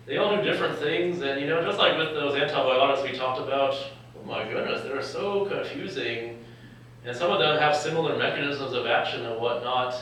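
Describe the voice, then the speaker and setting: A young physician from California speaks at a moderate pace in a medium-pitched, fairly bright voice to medical students at a live event, joking and chuckling often. The far-off lecture-hall recording has a little hiss or hum.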